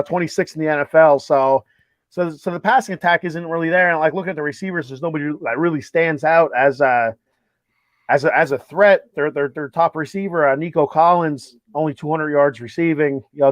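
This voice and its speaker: Speaking in a slightly high voice, this sports talk co-host chats casually, often restarting and using filler words. A ballgame plays on a TV behind him in a home room, captured in dull, dry lo-fi audio without room sound.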